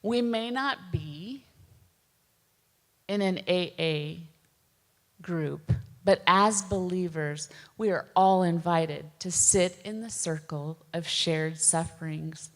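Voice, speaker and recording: A middle-aged woman giving a personal testimony, speaking slowly, gently and earnestly with soft pauses. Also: fairly low pitch. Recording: long hall reverb.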